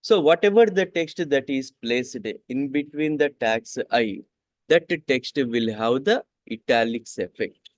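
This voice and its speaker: Man, coding instructor, repeats himself, very slow pace, dry recording. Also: medium pitch, dry recording. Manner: repeats each sentence twice, slow and deliberate. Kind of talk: classroom coding lesson.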